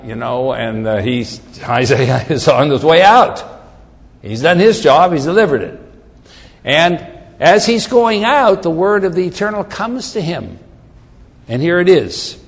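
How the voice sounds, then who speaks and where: Male preacher, fairly high voice, slow deliberate sermon, dramatic readings, booming hall echo. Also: sing-song. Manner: slow, emphatic delivery with dramatic scripture readings. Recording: long hall reverb.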